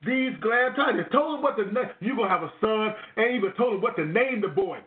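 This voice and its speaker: A man's voice: high-pitched, lively intonation, fairly quick. A man hosting a Bible show, prompting his co-host to read verses and asking emphatic questions. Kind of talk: Bible study discussion. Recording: echoey phone-like audio.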